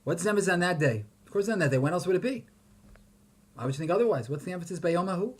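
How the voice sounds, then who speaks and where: A man's voice: high voice, expressive, very fast. A man giving a Torah lecture, posing questions and chanting Hebrew verses with emphasis. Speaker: rabbi teaching Torah.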